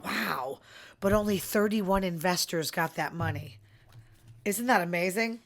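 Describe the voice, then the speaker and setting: Chatty opinionated woman podcaster. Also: mid-range voice. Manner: chatty, opinionated, trails off and restarts, drops to murmured asides. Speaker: podcast host. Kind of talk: casual solo podcast chat.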